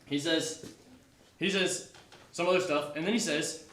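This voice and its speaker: A man's voice: a little high, steady tone, a little slow, fairly bright tone, reverberant, recorded from a distance. A man casually teaching a Bible class, chatty and self-correcting.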